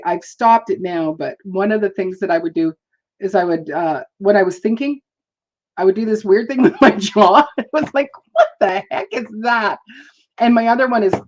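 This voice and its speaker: A woman's voice: medium pitch, a little mellow, highs cut off. A woman hosting a live stream, chatting in a rambling, casual way, laughing often and greeting viewers. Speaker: livestream host.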